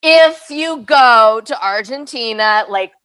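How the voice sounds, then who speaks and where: A woman's voice: on the high side, lively intonation, slow, fairly bright tone, clean tone, dry recording. A woman, an actress, answering in a casual interview chat with a hesitant, laughing, self-deprecating manner.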